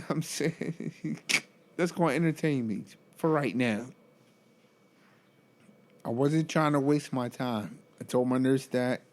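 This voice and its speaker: A man with a gravelly, fry-edged voice tells a story in a loose vlog style. He is animated and profane, laughs often, and keeps breaking into incredulous exclamations. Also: medium pitch, slow pace, pauses often. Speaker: motivational speaker.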